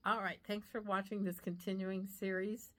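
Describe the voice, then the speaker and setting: A middle-aged woman, a real estate agent, telling a story in a casual, animated way and acting out the people she quotes. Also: mid-range voice, moderate pace. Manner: animated, acts out quoted voices.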